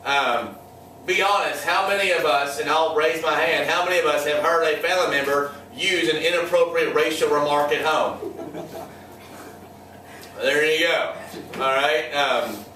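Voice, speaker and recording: A man's voice: a little high, normal speed, pushed and bright, a little hiss or hum. A male history teacher lecturing a class, joking and sarcastic, often quizzing his students. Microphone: far room mic. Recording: echoey classroom from far off.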